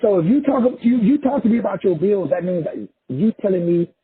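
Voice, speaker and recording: Brief: man from Texas, raspy high voice with big swings, emphatic motivational speaker who repeats for effect. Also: animated, fairly quick. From Texas, USA. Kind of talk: preachy motivational monologue. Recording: tinny phone-like audio.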